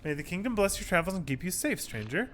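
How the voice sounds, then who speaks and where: A man reading aloud as a friendly old flea who leads a caravan, in quaint broken phrasing and a hushed voice. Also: high voice, very animated, quick pace, slight background noise, voice pushed up. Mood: warm, welcoming.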